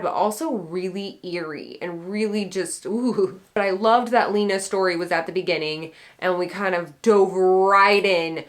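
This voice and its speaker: Chatty woman reviewing a spooky book. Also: mid-range voice. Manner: chatty, rambling, with frequent ums; excitable, playful asides. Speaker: book club vlogger. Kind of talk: casual chat to camera.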